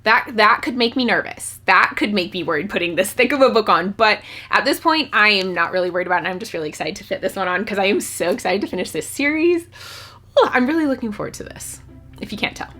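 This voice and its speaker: Bubbly, bright-voiced woman book vlogger. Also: mid-range voice, fast talker. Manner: excitable, chatty, with sudden squeals. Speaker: book YouTuber. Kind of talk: casual vlog chat.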